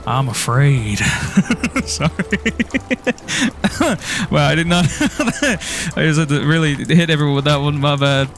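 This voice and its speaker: A man's voice: on the high side, slow, fairly bright tone, soft background music. An Irish man streaming a game, rambling and joking with his viewers and laughing often. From Ireland. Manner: rambling and jokey, laughs often, self-teasing. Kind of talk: casual gameplay commentary, chatting with viewers.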